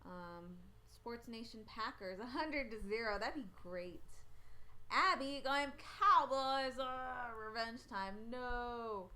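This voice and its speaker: Slow but with hardly any pauses, a woman with a fairly high, somewhat bright voice runs a casual sports picks livestream from home. She reads viewers' picks and comments into a webcam, chatty and rambling, often losing her place.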